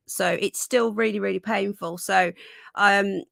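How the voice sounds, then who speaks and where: A woman hosting a live stream whose voice is going croaky, chatting casually and rambling with fillers and restarts. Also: mid-range voice, animated, measured pace, a bit bright, no echo, clean studio sound.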